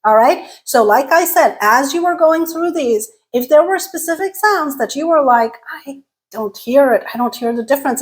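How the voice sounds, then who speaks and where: A woman's voice: fairly high pitch, poor audio. A woman teaching English pronunciation, drilling vowel sounds one by one and often checking in with "okay?". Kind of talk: pronunciation lesson.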